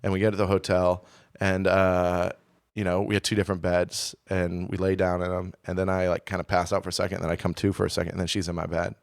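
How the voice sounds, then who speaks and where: A man's voice: low voice, completely flat delivery, fast, vocal fry. Candid rambling man telling a story. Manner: candid, rambling, lots of restarts and "right?". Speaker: podcast co-host. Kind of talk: casual storytelling chat.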